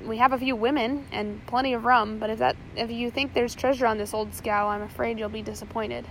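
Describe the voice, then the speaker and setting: A woman reading a calm, steely ship's mate. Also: fairly high pitch, slight background noise, lightly acted, low-quality recording. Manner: cool, measured. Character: calm, steady male first mate.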